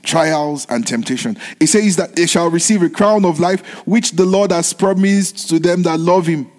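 Emphatic preacher in a reverberant hall. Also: male voice, fairly high pitch, normal speed, darkish tone. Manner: repetitive, emphatic, call-and-response preaching. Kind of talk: sermon.

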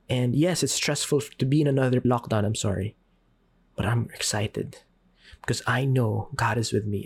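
A man hosting a podcast, giving an earnest, encouraging faith talk with dramatic pauses. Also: medium pitch, slightly rough. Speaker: podcast host.

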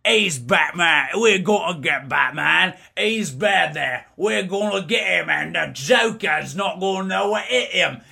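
A man putting on a loud, boastful Cockney villain with an overdone accent. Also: sits high, animated, measured pace, vocal fry, few pauses, heavily acted.

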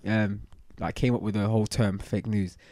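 A man, co-hosting a podcast in casual chat, lively and laughing easily. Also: on the low side, moderate pace, dry recording. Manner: lively, laughs often, London slang. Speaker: podcast co-host.

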